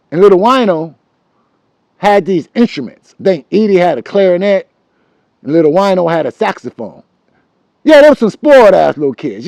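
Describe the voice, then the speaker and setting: A middle-aged man, telling a childhood story in a loose, animated way and humming tunes as he goes. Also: high voice, vocal fry, dry recording. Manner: animated and loose, acts out voices and hums tunes. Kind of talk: casual storytelling.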